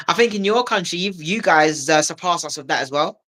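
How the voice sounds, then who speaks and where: Bright-voiced woman telling stories. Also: fairly low pitch, moderate pace. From England. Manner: animated storyteller who acts out quoted voices and laughs often. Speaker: podcast guest, comedian. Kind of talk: casual storytelling chat.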